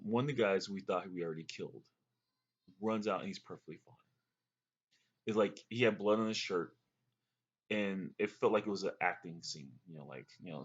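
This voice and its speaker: A man's voice: low voice, slightly rough, dull audio. A man telling a long, rambling story to camera in a casual way, with fillers and restarts. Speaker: vlogger recounting a dream.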